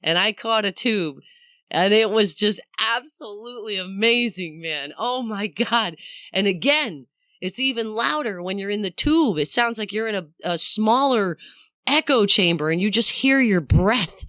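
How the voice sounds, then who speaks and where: A woman hosting a podcast, telling a story in a casual, animated way, swearing freely and talking straight to the listener. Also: medium pitch, a little slow, dry recording, studio quality. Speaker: podcast host.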